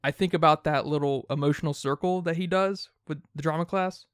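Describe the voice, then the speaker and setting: A man co-hosting a podcast, talking casually about a film in quick, animated bursts. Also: on the high side, smooth, no echo, studio quality. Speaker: podcast co-host.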